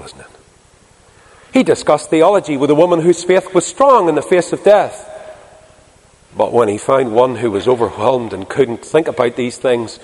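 A man preaching a sermon to a congregation, swinging between loud emphasis and hushed tenderness. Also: mid-range voice, husky. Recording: long hall reverb.

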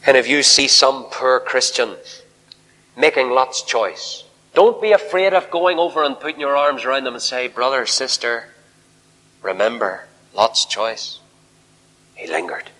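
A man preaching a fiery revival sermon in a large church hall, swinging from shouted appeals to hushed near-whispers. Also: mid-range voice, expressive, unhurried.

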